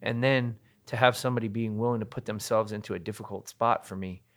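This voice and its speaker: A man from New Jersey speaks earnestly in a lowish voice, opening up about his life as an interview guest. He takes his time, pausing between thoughts in a candid, confessional manner. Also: steady tone. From New Jersey, USA. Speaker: guitarist guest.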